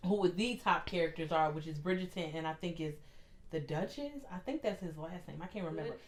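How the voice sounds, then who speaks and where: A woman co-hosting a casual podcast chat, animated and laughing often as she talks. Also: sits low, a little fast. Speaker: podcast co-host.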